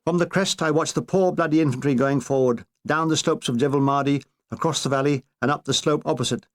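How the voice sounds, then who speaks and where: A man's voice: a little high, a little fast. A man narrating his own war memoir as an audiobook, in a dry, wry storytelling manner.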